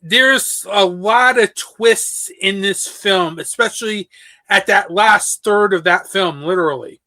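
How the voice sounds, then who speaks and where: A man's voice: sits high, slow pace, pushed and bright. A male podcast host in casual chat, enthusiastic and repeating himself for emphasis.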